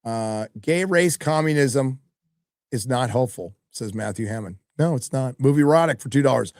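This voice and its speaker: Man, middle-aged, stream host, casual and profane, reads viewer messages, mid-pitched voice, dry close mic. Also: expressive, moderate pace, darkish tone, no room sound. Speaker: livestream host reading donations. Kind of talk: casual live-stream chat.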